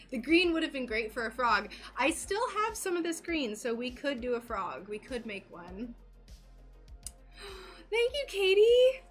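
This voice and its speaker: A woman's voice: high voice, sing-song, slow pace, pauses often, soft background music. An American woman livestreaming her stained glass craft, chatting casually and giggling as she greets viewers.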